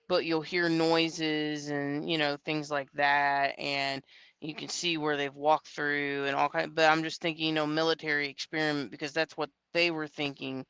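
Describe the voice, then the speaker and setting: Smooth-voiced host in dry close sound. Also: female voice, sits low, a bit bright, dry recording. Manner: unsure, hedging, with frequent laughs. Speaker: show host. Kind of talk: casual chat.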